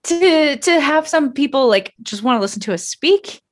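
A woman's voice: high voice, normal speed. A young woman co-hosting a podcast, telling stories candidly in casual chat and swearing freely. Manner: candid, profane, animated storytelling. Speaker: podcast co-host.

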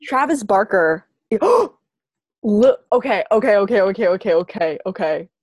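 A woman's voice: medium pitch, animated, darkish tone. A teenage girl chats with a friend in a bubbly, giggly way. Her voice sits mid-range, and the sound is dry and close, with no room echo. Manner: bubbly, giggly, quick to apologize. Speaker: co-host. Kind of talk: casual chat.

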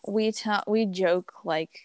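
A woman's voice: mid-range voice, slow, dark tone, no room sound. Rambling young woman on a dry mic. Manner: rambling, swears freely, lots of fillers. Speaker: podcast co-host. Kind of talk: casual chat.

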